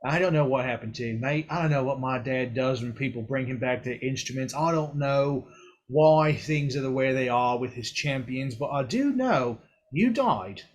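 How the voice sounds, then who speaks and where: A man's voice: mid-range voice, expressive, moderate pace, lightly acted. A man voicing a sly, cheeky male spirit creature with claws who talks in a drawling, casual slang. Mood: blunt.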